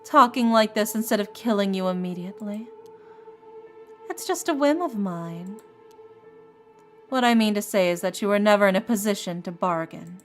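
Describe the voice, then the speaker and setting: A woman's voice: medium pitch, normal speed, long pauses, faint music behind, close to an everyday voice. A woman voicing a cold, menacing woman in a horror mystery game who taunts her victim.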